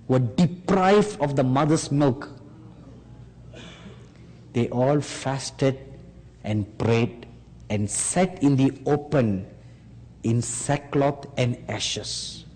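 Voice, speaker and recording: A man preaching a sermon, speaking slowly and emphatically and rising on rhetorical questions to his listeners. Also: mid-range voice, animated, warm tone. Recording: long hall reverb.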